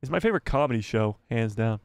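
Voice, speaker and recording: A man's voice: mid-range voice, animated, fast, creaky, smooth, no echo. Man, live-stream host, casual chat, joking, rambling, dry close sound. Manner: joking, rambling, laughs often. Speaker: livestream host.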